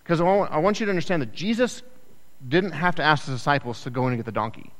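A man preaching a sermon in a conversational, animated way, acting out the people in the story with quick asides. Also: on the high side. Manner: animated, acts out quoted voices, conversational asides. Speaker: pastor. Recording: echoey hall with long reverb.

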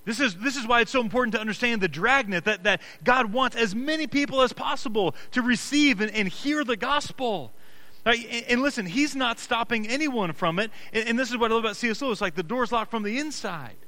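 Delivered fairly quickly, a pastor's sermon moves from hushed and low to raised and pressing, earnest and emphatic throughout, with many restarts. The audio is poor.

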